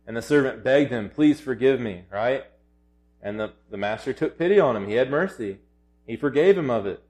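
A man's voice: medium pitch, a little mellow. A man preaching a sermon in an earnest, urgent way, often restarting his phrases and rising to emphatic peaks.

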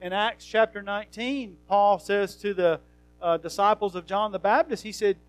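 High-voiced man preaching a sermon. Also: steady tone, normal speed, clear, resonant tone, no room sound, low-quality recording. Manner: earnest, conversational Bible teaching with fillers and rising emphasis.

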